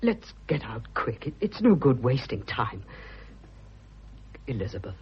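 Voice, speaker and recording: An actor playing a blunt, boyish young man declaring his love, with a husky voice, in a vintage radio drama. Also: medium pitch, very animated, unhurried, full character voice. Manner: bluff, fervent, stammering when moved. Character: eager young male suitor, blunt and boyish. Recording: dull lo-fi old radio recording.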